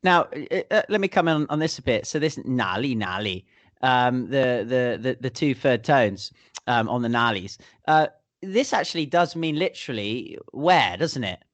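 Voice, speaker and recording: A man hosting a podcast in a joking, chatty way, often turning to speak to the listeners. His voice is mid-pitched and sounds close and dry, with no room echo. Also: animated, moderate pace. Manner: chatty, jokey, addresses listeners. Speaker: podcast host. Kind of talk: casual chat.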